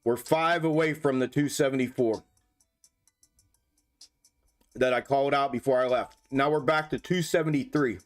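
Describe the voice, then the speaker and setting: A man hosting a casual stock market livestream, talking to his viewers, cursing freely and getting excitable over price moves. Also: mid-range voice, a little fast, faint music behind. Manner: profane, excitable, talks to viewers as "y'all". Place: home desk setup.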